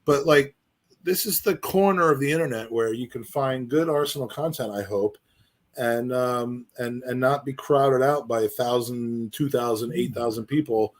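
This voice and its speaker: A middle-aged man talking casually on a podcast at an ordinary pitch. He rambles earnestly and trips over his own restarts as he thinks aloud. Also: moderate pace. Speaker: podcast co-host. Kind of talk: casual chat.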